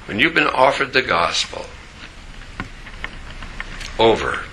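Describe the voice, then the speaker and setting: An older man preaching slowly, dwelling on single words with dramatic pauses. His voice is bright and gravelly, rising and falling widely. Faint noise sits behind him. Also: medium pitch, sing-song. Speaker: pastor. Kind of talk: sermon.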